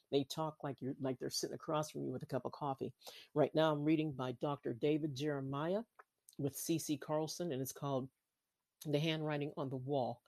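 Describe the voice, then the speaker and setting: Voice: medium pitch, a little mellow, dry recording. A podcast host talking casually about faith from bed at night, rambling and repetitive, preaching with frequent amens. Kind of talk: casual Christian podcast talk. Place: sitting on a bed at home at night. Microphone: laptop.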